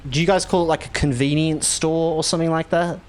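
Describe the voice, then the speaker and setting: Streaming a game, a man with an Australian accent from Victoria chats casually with his viewers. His voice is a little high, steady in tone, and fairly quick, and he rambles and laughs easily.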